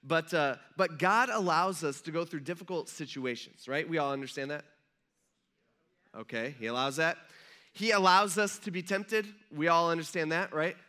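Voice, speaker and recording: A man's voice: a little high, moderate pace, bright, forceful tone. A man, a pastor, giving a conversational, joking sermon in a church and asking the audience questions.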